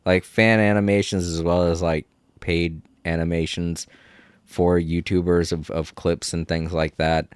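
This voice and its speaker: A man's voice: deep voice, flat delivery, a little slow, clear, resonant tone, no room sound. A man streaming a game, chatting casually and rambling, laughing often and swearing a little. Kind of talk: casual live-stream chat.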